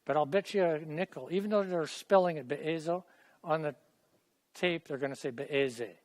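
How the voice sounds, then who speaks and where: A man's voice: on the high side, fast talker, darkish tone. A middle-aged man teaching a language class in a classroom, chatty and repeating phrases for students to echo. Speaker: Hebrew teacher.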